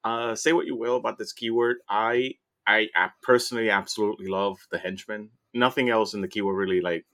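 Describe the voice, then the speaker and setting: A man's voice: fairly low pitch, fairly even intonation, fairly quick, hardly any pauses, fairly bright tone. A man co-hosting a podcast, chatting casually and enthusiastically about a tabletop game, often restarting his words. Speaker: podcast co-host. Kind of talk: casual game recap chat.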